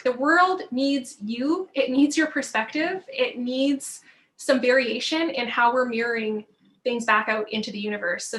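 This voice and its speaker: A woman's voice: on the high side, a bit bright. A woman photographer giving a heartfelt motivational talk, earnest and emotional, close to tears and repeating phrases for emphasis. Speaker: photographer speaking at a live broadcast.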